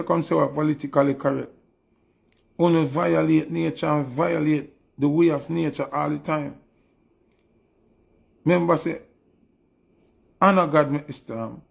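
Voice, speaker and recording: A man's voice: a little high, unhurried, vocal fry, pauses often, slightly rough. A man with a Jamaican accent delivering a heated, preachy monologue straight to his viewers, his anger rising as he goes. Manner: preachy, rising to angry shouting. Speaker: video commentator.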